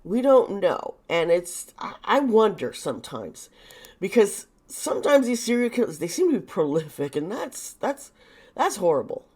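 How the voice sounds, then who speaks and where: A woman's voice: mid-range voice, sing-song, normal speed, a little mellow, husky. A woman hosting a casual tarot reading, thinking aloud with many restarts and sounding a bit nervous. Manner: nervous, uneasy. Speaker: tarot reader and video host.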